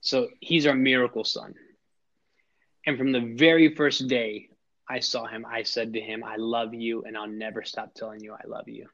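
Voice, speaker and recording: Flat and creaky with a fairly bright tone, this middle-aged man's mid-range voice moves at a moderate pace as he tells personal stories on a podcast as a guest. The heartfelt talk is earnest and emphatic, full of restarted sentences and repeated opening words, captured in slightly dull lo-fi sound.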